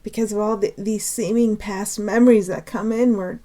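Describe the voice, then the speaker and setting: An earnest woman giving a spiritual talk off the cuff, her voice sitting at a middle pitch. She sounds emotional, laughs often between phrases, and pleads with her listeners before reining herself in. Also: moderate pace. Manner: pleading, then calming herself down.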